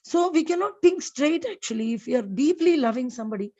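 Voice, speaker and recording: High-voiced woman telling a devotional story. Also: lively intonation, fairly quick, dark tone, highs cut off. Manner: storytelling with frequent fillers and restarts. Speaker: scripture class speaker. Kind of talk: devotional scripture class.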